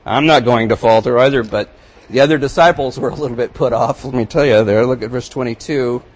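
A male pastor preaching a sermon, reading scripture aloud with rising emphasis and then commenting in a quieter, conversational tone. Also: mid-range voice, fairly quick, low-quality recording.

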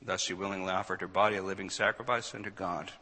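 A man preaching a sermon, retelling an old account with a dramatic delivery that swings from hushed to loud. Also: low-pitched, steady tone, fast talker, husky, long reverb tail.

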